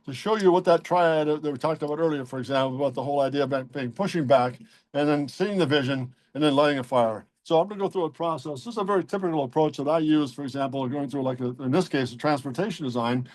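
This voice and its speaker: An older man from Scotland giving an emotional, earnest inspirational talk as a guest speaker, slowing down for emphasis. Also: fairly high pitch, darkish tone, dry recording, poor audio. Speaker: guest speaker, automotive designer.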